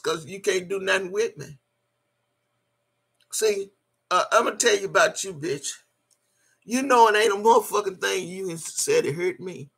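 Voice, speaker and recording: A woman's voice: mid-range voice, moderate pace, long pauses, a bit bright, breathy edge. An older woman in a casual vlog rant, profane and mocking, breaking into laughter often. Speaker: vlogger.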